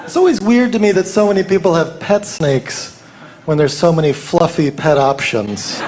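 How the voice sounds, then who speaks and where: High-voiced sarcastic stand-up man. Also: animated, normal speed, a little mellow. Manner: sarcastic, mock-salesman patter. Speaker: stand-up comedian. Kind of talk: stand-up set. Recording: noisy live club recording.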